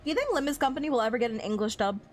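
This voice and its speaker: Giggly, excitable young woman streamer. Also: fairly high pitch, racing. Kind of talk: casual gameplay commentary.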